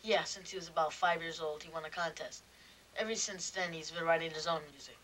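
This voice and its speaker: A young actor playing a shy teenage boy from Brooklyn who talks in a hesitant, halting way, in a film drama. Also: on the high side, sharp tone, recorded from a distance, poor audio. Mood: earnest. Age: teen. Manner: hesitant, halting, lots of ums. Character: shy Brooklyn teen boy, music fan. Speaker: fan club president.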